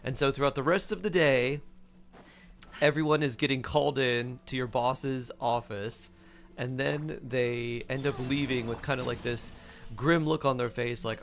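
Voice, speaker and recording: A man streaming, casually retelling a dream in a chatty, animated way with many fillers. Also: mid-range voice, normal speed.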